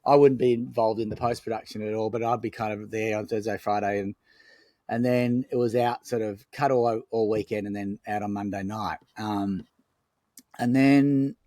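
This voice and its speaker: A man's voice: on the low side, steady tone, moderate pace, warm tone, no echo. A man, a film director telling rambling anecdotes in an interview. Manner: rambling, anecdotal, many fillers and restarts. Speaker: film director, podcast guest. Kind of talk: casual storytelling interview.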